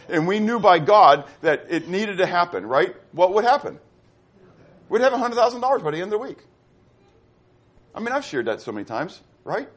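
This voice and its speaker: A middle-aged man from Pittsburgh preaching a sermon as pastor, quizzing his congregation with fill-in-the-blank questions. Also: sits high. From Pittsburgh, USA.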